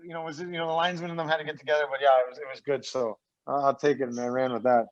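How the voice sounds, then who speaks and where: This man, once a professional hockey player, talks very fast in a steady, mid-range voice. As a podcast guest he tells casual, meandering stories, swears without restraint, and performs other people's lines. The audio is dull and lo-fi.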